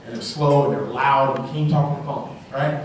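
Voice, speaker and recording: A man giving an energetic motivational talk at a live sales rally, telling stories and often asking the crowd "right?". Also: mid-range voice, brisk. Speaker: motivational speaker. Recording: echoey hall, from far off.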